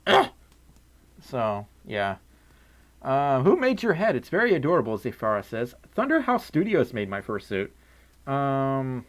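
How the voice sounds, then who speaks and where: A man answering viewer questions on a casual livestream, chatty, with stammering restarts and nervous laughs. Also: medium pitch. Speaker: streamer. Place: at home, wearing a fursuit.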